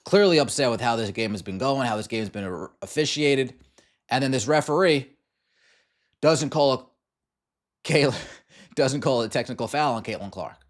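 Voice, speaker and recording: A man's voice: mid-range voice, moderate pace, pauses often. Ranting male sports podcast host. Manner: ranting, exasperated, repeats rhetorical questions. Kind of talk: sports commentary over game clips.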